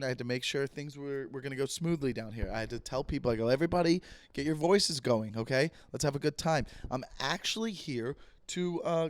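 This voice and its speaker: A man's voice: medium pitch, no room sound. Rambling joking man hosting a podcast. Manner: rambling, jokey, repeats himself. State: voice a bit rough, clearing throat. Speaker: podcast host. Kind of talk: casual solo podcast monologue.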